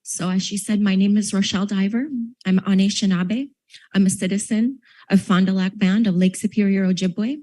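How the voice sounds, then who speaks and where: A woman's voice: medium pitch, fairly even intonation, moderate pace, dark tone, rough recording. A woman from Minnesota speaking earnestly on a panel at a university event, a little choked up. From Minnesota, United States. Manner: earnest, emotional, slightly choked up. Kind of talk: public panel talk.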